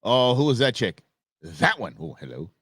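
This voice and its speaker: Animated, sarcastic male live-stream host. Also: medium pitch, normal speed, loud music behind the voice. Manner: sarcastic, mocking, animated asides with laughs. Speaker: political commentary host.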